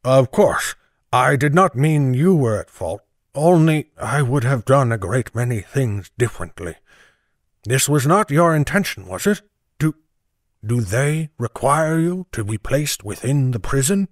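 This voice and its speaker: A man reading the part of a stern town constable in an audiobook, speaking in a grave, measured way. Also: mid-range voice, lively intonation, no echo, studio quality, natural voice. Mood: hushed earnest. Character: stern middle-aged male town constable.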